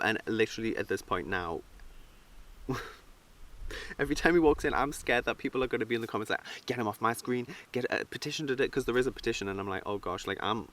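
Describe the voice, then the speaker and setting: A man's voice: on the low side, pushed and bright. A young man talking casually and animatedly in a review vlog, full of fillers. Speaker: reality show reviewer.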